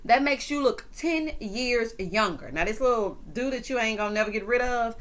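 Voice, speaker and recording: Bright-voiced sassy woman recapping TV. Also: fairly high pitch, moderate pace. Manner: sassy, animated, calls viewers honey and child. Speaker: TV recap vlogger. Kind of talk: casual reality-TV recap commentary.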